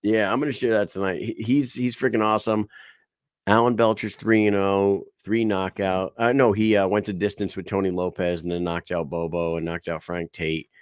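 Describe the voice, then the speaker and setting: A man with a very low voice talks fight news on a podcast, full of curse words and quick self-corrections. The sound is dry and close, with no room echo. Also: fairly even intonation, smooth. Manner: profane, rambling storyteller who corrects himself. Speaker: podcast co-host. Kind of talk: casual sports podcast chat.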